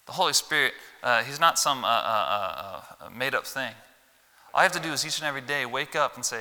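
A man from the American Midwest preaching a folksy, animated sermon in church, swinging from loud emphasis to low asides. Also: fairly quick. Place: church sanctuary. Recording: long hall reverb.

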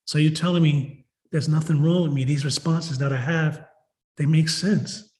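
At a recovery meeting, a man shares a rambling, emotional personal testimony packed with "you know" and "like." His voice is a little high and darkish, steady in tone, at normal speed.

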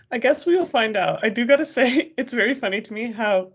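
Woman co-host, easy laugh, steady expressive reader. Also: a little high, moderate pace, breathy edge, highs cut off. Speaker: book podcast co-host and reader. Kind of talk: casual chat and reading aloud from a novel.

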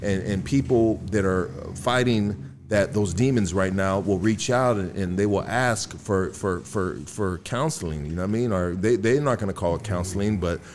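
A man's voice: deep voice, moderate pace, few pauses, slight background noise. A male podcast host who talks in a casual, encouraging way and calls his guest "bro" and "brother". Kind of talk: casual interview chat.

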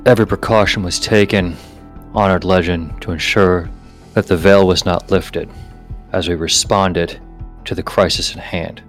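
A player doing a deep-voiced formal werewolf. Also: fairly even intonation, normal speed, faint music behind, close to an everyday voice. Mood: respectful. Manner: formal, deep, clipped reports.

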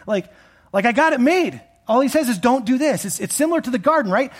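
A male pastor preaching a sermon in a conversational way, rising to emphatic peaks and dropping low again, with frequent restarts. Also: animated, fast.

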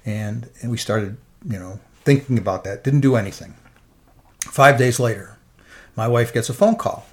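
A man's voice: mid-range voice, normal speed. Earnest middle-aged man telling a story. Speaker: interview guest. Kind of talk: personal faith testimony.

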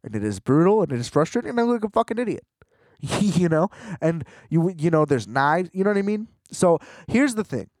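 A man hosting a podcast, delivering a casual comedic monologue with rambling, profane, animated ranting. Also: fairly high pitch, brisk, no echo, clean studio sound.

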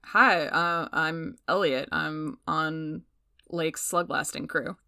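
A woman's voice: low-pitched, steady tone, slow pace, vocal fry, no room sound, clean studio sound, heavily acted. Woman playing a shy, hesitant guitarist. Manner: soft, hesitant.

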